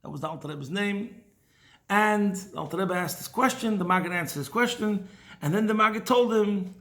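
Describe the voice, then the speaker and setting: A man giving a weekly Torah talk, telling a Chassidic story in a lively way and dropping in Hebrew and Yiddish words. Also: high-pitched, moderate pace. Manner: animated storyteller mixing in Hebrew and Yiddish terms. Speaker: teacher of Chassidic thought.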